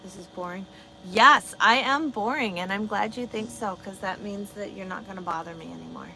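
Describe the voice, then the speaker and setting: A woman's voice: medium pitch, steady tone, fast talker, vocal fry, rough recording. A woman truck driver on a casual livestream, answering her chat bluntly and swearing freely. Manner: blunt, swears a lot, talks back to chat.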